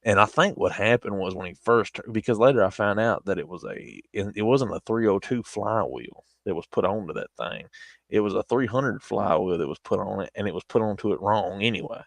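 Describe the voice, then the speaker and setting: A man's voice: fairly low pitch, a little fast, gravelly, no echo. A man with a Southern US accent telling a long casual story on a stream, rambling with restarts.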